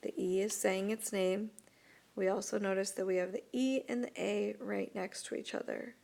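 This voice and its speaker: A woman teacher giving a recorded lesson to young students, talking slowly and carefully and repeating each word. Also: mid-range voice, steady tone, vocal fry, dark tone. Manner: slow, deliberate, repeats words for young students. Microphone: tablet microphone.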